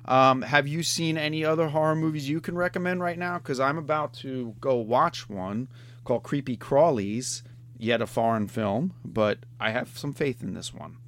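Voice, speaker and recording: A middle-aged podcast host with a mid-range, slightly bright voice chats at a moderate pace. He's laid-back and rambling, frequently tacking "man" onto his sentences.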